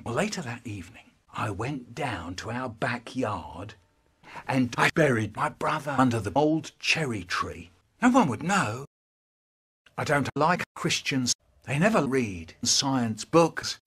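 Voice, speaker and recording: A man telling stories in an animated, theatrical way, cut together for comic effect. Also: mid-range voice, breathy edge. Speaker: storyteller. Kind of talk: spliced comic storytelling for children.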